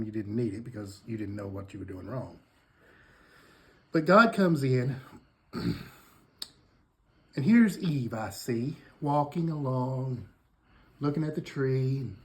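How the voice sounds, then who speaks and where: A man giving a folksy, animated devotional, retelling the story in a homespun, conversational way. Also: medium pitch. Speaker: devotional speaker.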